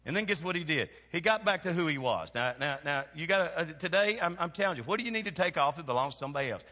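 Southern pastor preaching in a reverberant hall. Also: male voice, animated, fast talker. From Kentucky. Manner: swings from hushed lows to shouted exhortation. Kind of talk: sermon.

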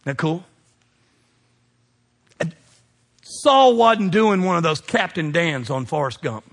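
A pastor preaches to his congregation in a church sanctuary, emphatic and calling out to them. His voice sits on the high side, animated and fairly bright, and he takes his time. The large hall gives a long reverb.

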